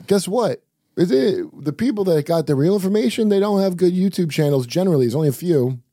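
Laid-back man with a dark voice. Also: high voice, fast talker, no room sound, clean studio sound. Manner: animated, profane, riffing. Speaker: podcast host. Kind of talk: casual comedic chat. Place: podcast studio.

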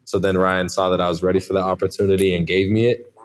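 Deep-voiced young man chatting casually. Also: fast talker. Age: 20s. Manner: relaxed, lots of "like" fillers. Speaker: podcast guest, college athlete. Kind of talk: casual interview chat.

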